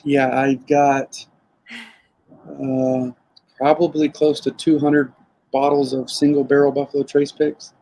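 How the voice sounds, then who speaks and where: Southern man, dark mellow tone, easygoing guest who chuckles at himself, video-call sound. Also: mid-range voice, slow, rough recording. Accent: Southern American twang. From South Florida, raised in Alabama. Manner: relaxed, chatty, self-deprecating with chuckles. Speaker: distillery owner, guest. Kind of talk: casual live-stream interview.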